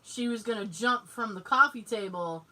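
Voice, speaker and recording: A woman in her forties co-hosting a podcast, telling family stories in casual chat, animated, laughing often and swearing freely. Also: a little high, normal speed. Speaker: podcast co-host. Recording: distant mic, noisy.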